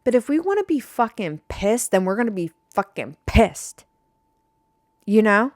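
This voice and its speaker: A woman's voice: medium pitch, sing-song, measured pace, no echo, studio quality. A young woman hosting a casual podcast, rambling and swearing freely as she vents to her listeners. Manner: rambling, profane, fired-up. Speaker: podcast host.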